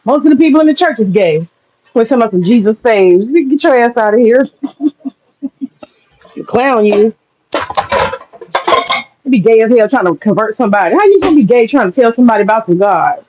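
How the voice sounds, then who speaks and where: Her voice sits on the high side with a darkish tone as she rants bluntly and profanely to her chat on a live stream. She often breaks into laughter, and the recording has dull lo-fi sound with faint noise.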